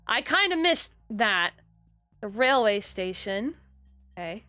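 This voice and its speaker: A young woman livestreaming a game, talking half to her chat and half to herself. Her voice sits a little high, and she jumps into sharp, high exclamations when something surprises her. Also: sing-song, slow pace, pauses often, no room sound, soft background music. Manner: chatty, muttering to herself, sudden high exclamations. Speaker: streamer. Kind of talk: live gameplay commentary.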